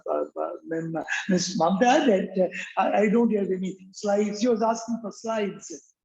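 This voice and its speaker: A man teaching an English accent lesson, halting with many fillers and restarts, repeating words for drill. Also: sits high, darkish tone. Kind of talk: classroom-style lecture. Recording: roomy, dull lo-fi recording.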